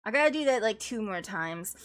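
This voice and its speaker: A young woman streamer and classical singer chatting casually and jokingly while doing vocal warm-ups. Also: a little high. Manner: joking, self-deprecating, chatty.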